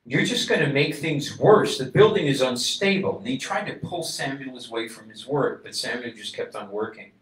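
A man preaching a sermon as a rabbi, mid-pitched and telling a story. He acts out the voices in his tale and rises to loud, emphatic calls. The sound is roomy and echoing, picked up from some way off the mic. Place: synagogue. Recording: echoey room, voice a bit distant from mic.

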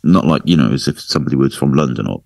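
A man's voice: rumbling low, racing, vocal fry, a little mellow, dry recording, studio quality. A man from Newport, Wales, with a Welsh accent, co-hosting a casual podcast in an easygoing, agreeable way. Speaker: podcast co-host.

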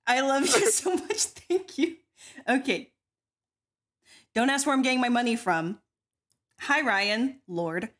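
A woman's voice: on the high side, lively intonation, slow pace, long pauses, fairly bright tone. A young woman streamer, giggling often as she reads out donations in casual chat. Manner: giggly, laughs often between words.

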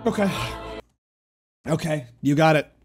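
A young man streaming live, excitedly reacting to a video and chatting with viewers. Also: fairly high pitch, measured pace, music in the background. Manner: excitable, talks to chat, frequent loud laughs.

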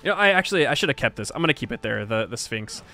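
While streaming a strategy game, a man keeps up a wry, talkative running commentary, addressing himself and the game's leaders. His delivery is sing-song and rapid-fire, with pitch swinging widely from line to line, and soft music plays quietly in the background.

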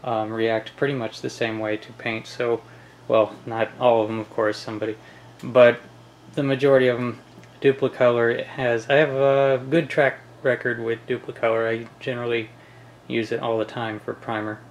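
A man casually explaining a product test as a hobbyist, relaxed, with many pauses and restarts. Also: medium pitch, a little hiss or hum. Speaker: hobbyist reviewer. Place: home shed.

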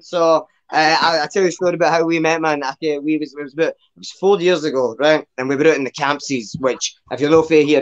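Sweary Glaswegian man doing stand-up. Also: on the high side. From Scotland. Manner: rambling, sweary, ends lines with "man". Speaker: stand-up comedian. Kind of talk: stand-up set at an online open mic.

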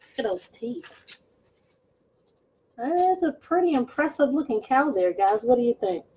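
A woman teacher reading a picture book aloud to children, pausing to ask them questions. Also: high voice, slightly rough, low-quality recording. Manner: slow, expressive, asks children questions. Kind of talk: storybook read-aloud lesson.

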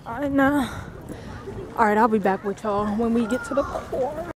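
A young woman vlogging from her phone, chatting excitedly with her viewers as she walks through a busy shopping center and a crowded restaurant. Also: on the high side, moderate pace. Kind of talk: casual handheld vlog. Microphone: phone camera held in hand. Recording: loud crowd and noise on a phone mic. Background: crowd chatter and street noise.

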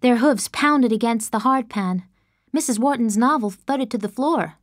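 A woman narrating an audiobook in the first person, measured and expressive, close to the mic. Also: fairly high pitch, no echo.

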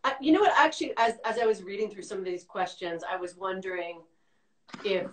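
A woman's voice: mid-range voice, fairly quick. A woman hosting a casual interview, chatty, reading out listener questions. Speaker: interview host. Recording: roomy echo.

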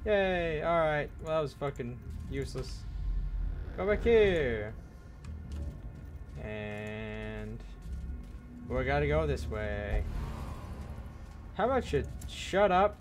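A young man commentating on his gameplay, excitable, swearing and yelling at the game. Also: medium pitch, takes it slowly, pauses often, soft background music. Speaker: gaming video host.

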